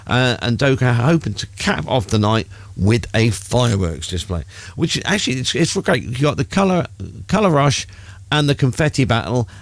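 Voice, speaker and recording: A man's voice: mid-range voice, sing-song, moderate pace, no room sound. A middle-aged man presenting local radio, chatting with dry humour and reading out event listings. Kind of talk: casual radio chat with local announcements.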